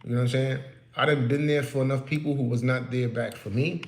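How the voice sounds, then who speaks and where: A man's voice: medium pitch, steady tone, quick pace, vocal fry, reverberant, a little hiss or hum. A man working as a real estate investor, talking candidly and preaching a little to the listener, in a casual motivational talk from his office.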